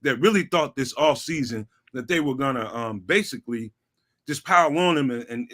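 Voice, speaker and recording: Bright, animated male sports guest. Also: medium pitch. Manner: animated, slangy, repeats himself for emphasis. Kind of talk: casual sports talk chat.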